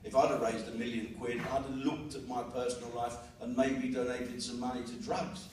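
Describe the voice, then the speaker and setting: Brash, crude South London comedian. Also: male voice, medium pitch, little pitch movement, normal speed, background noise. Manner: brash, crude, swearing constantly. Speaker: stand-up comedian. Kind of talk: live stand-up routine. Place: live venue with an audience. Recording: echoey venue audio from far off.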